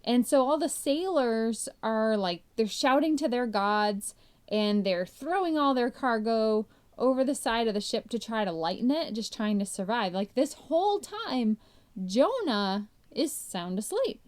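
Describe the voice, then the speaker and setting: A woman's voice: a little high, a little slow. Chatty woman retelling a Bible story. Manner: chatty and animated, with frequent "like" fillers. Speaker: podcast host.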